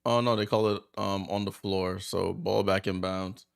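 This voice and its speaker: A man hosting a watchalong, giving chatty, excitable play-by-play as he reacts aloud to the game. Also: sits low, normal speed, creaky, smooth. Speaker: watchalong host. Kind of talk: casual live play-by-play commentary.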